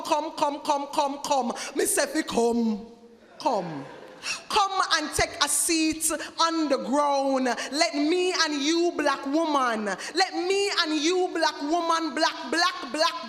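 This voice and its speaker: A woman's voice: high-pitched, fairly bright tone. Rhythmic woman performing spoken-word poetry. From Jamaica. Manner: rhythmic, incantatory repetition. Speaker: performance poet. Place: large indoor event hall. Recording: echoey festival hall.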